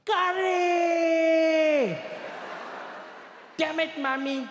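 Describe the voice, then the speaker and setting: A man voicing a small boy who shouts shrilly, fed up with his lunch, on stage in an echoey hall. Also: extremely high pitch, big pitch swings, slow, some chatter behind, a little hiss or hum, voice pushed up, exaggerated voice. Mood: exasperated.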